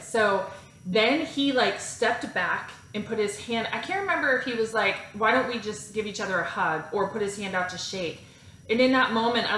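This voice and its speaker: A woman in her thirties tells a personal story straight to her viewers in a casual, animated way. She mocks herself and laughs often as she goes. Her voice sits at a middle pitch and echoes around the room. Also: a little hiss or hum. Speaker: vlog host telling a personal story. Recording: echoey room with faint ambience.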